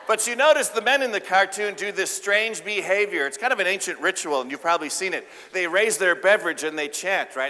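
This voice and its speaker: A man's voice: fairly high pitch, moderate pace, bright, forceful tone. Man, keynote speaker, joking with the audience, ringing hall reverb, faint room noise. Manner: playful, joking, drives audience interaction. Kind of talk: live keynote talk. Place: large event hall with audience.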